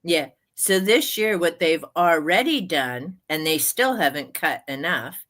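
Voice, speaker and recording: A woman in her sixties hosting a livestream, chatting casually and laughing often in a slow, drawn-out way. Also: low voice, expressive, fairly bright tone. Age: 60s. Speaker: livestream host. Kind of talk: casual chat.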